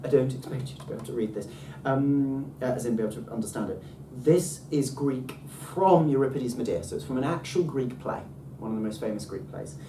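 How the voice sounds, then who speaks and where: Mellow-voiced man teaching, roomy distant sound. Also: mid-range voice, brisk, hardly any pauses. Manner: enthusiastic, many ums and restarts. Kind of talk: casual language lesson. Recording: roomy, distant mic, faint background noise.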